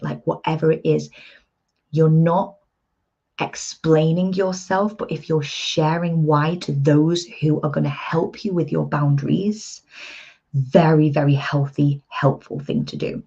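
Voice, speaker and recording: Woman, 30s, motivational coach, low husky voice, dull lo-fi recording. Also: fairly even intonation, a little slow, mellow. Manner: earnest, chatty, emphatic. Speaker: empowerment coach and host. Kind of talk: casual motivational talk to viewers.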